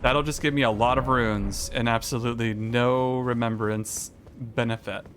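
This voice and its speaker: A man's voice: mid-range voice, fairly even intonation, normal speed, a bit bright, soft background music. A man casually commenting on a game he is streaming, thinking aloud and talking to his chat. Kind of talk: casual gaming livestream commentary.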